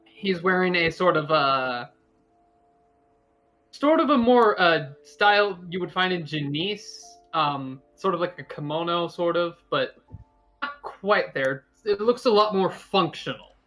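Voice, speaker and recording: A man playing a tabletop game who describes his character haltingly, full of ums and self-corrections. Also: high voice, lively intonation, a bit bright, faint music behind. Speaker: player.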